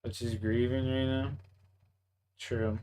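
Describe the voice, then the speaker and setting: A man's voice: medium pitch, little pitch movement, slow pace, mellow, a little hiss or hum. Brief: young Canadian guy, laid-back and profane, casual banter. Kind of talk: casual chat.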